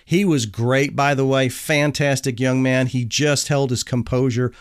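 A middle-aged man telling a casual personal anecdote in an animated, self-deprecating way, chuckling as he goes. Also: medium pitch, measured pace, clean tone, dry recording, studio quality. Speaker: storyteller.

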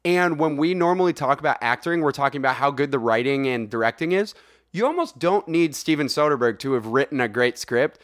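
A young man co-hosting a podcast, chatting casually about movies with lots of laughter and animated asides. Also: mid-range voice, a little fast. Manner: animated, laughs often, says dude. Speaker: podcast co-host. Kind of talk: casual movie review chat.

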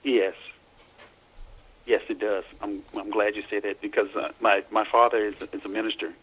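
A man from Louisiana, a guest in a casual phone interview, telling his story in a halting way full of restarts and repeats. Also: on the low side, flat delivery, a bit bright, husky, low-quality recording.

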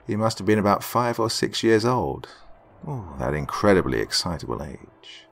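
Deep, animated male storyteller for first-person fiction. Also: normal speed, creaky. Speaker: narrator.

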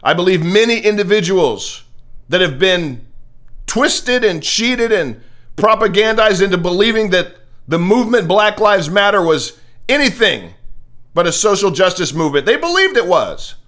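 A man's voice: high-pitched, big pitch swings, moderate pace, a bit bright. An American man hosting a political commentary show, delivering an impassioned, preachy monologue and often repeating words as he starts a thought. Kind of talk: opinionated monologue.

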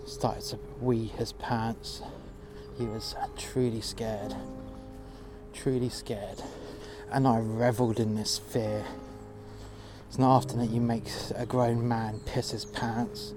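A man's voice: medium pitch, flat delivery, a little slow. A man from West London with a London accent, narrating his own revenge story outdoors in a profane, menacing way, over music. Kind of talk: first-person storytelling monologue. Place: outdoors in freezing cold.

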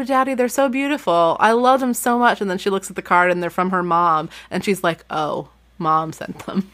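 A woman's voice: mid-range voice, a bit bright. A woman co-hosting a podcast, chatting casually about a book, recapping it with lots of laughter. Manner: chatty, laughs often, recaps the plot animatedly. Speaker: podcast co-host. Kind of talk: casual book-club chat with read-aloud passages.

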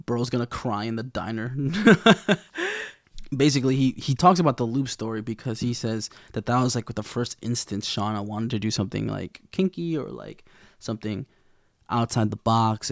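A man's voice: lowish voice, creaky, darkish tone, dry recording, clean studio sound. A young man recapping a TV episode in a rambling, casual way, full of slang and swearing. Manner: rambling, profane slang, lots of fillers. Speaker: TV recap vlogger.

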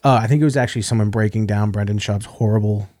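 A man's voice: on the low side, fairly even intonation, fast talker, warm tone, no echo, studio quality. A man hosting a podcast, telling stories in casual banter and laughing often. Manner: storytelling, laughs often, crude. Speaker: podcast host.

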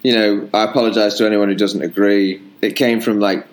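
Young man from Britain, lowish voice, casual and sweary, swings up in pitch when excited. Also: a little fast. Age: young adult. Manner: loose, swearing, laughing, lively jumps in pitch. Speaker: podcast co-host running a slang quiz. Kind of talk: casual banter.

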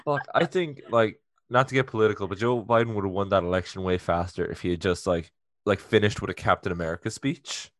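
A man co-hosting a podcast, chatting casually and excitedly about a TV episode, joking a lot and saying "like" often. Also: fairly low pitch, fairly quick, no echo, clean studio sound. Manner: excitable and jokey, with many "like" fillers. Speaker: podcast co-host. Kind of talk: casual chat reviewing a TV episode.

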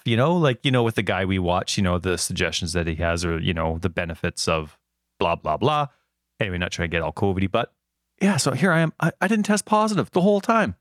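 A man in his thirties, co-hosting a casual chat and telling rambling, animated stories with lots of fillers. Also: sits low, brisk, no room sound, clean studio sound. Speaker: podcast co-host.

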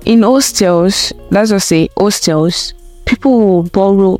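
A woman's voice: mid-range voice, slow pace, darkish tone, dry recording, soft background music. A young woman giving a casual opinion rant to camera, emphatic and repetitive, full of rhetorical questions. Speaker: vlogger.

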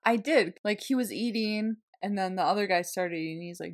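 A woman's voice: medium pitch, brisk. A woman co-hosting a casual podcast, chatting and laughing easily. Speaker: podcast co-host. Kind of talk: casual chat.

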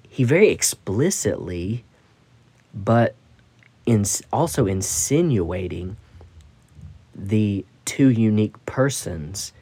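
A man's voice: on the low side, warm tone, dry recording. A man hosting a Bible study podcast, teaching scripture in a thoughtful, musing way with frequent restarts.

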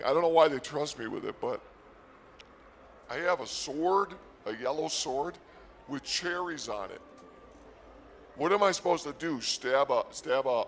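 A man's voice: medium pitch, fairly bright tone, slight background noise. A man hosting a comedy podcast, rambling sarcastically and mock-boastfully about his day at a casino.

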